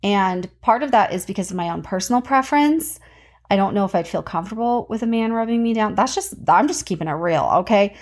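A woman in her thirties hosting a podcast, chatting casually about her week in an animated storytelling voice that jumps up in pitch when she gets excited. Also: fairly quick. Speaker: podcast host.

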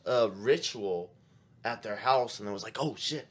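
Chatty man full of quick agreement. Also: on the low side. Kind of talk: casual chat.

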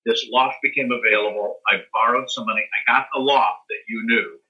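An older American man, an interview guest, telling a long story in a casual, animated way. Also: lowish voice, normal speed, rough recording. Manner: animated storyteller, acts out quotes and sings dance beats.

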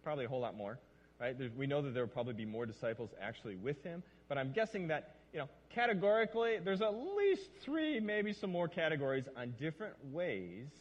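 A male pastor preaching a lively sermon and acting out lines. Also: a little high, brisk, muffled recording. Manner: animated, acts out lines. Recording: long reverb of a large hall.

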